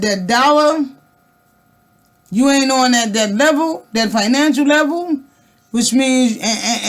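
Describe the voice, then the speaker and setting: Woman vlogger, fervent and loose, hammering rhetorical questions to camera. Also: a little high. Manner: loose and conversational, with frequent restarts. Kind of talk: casual talk to camera.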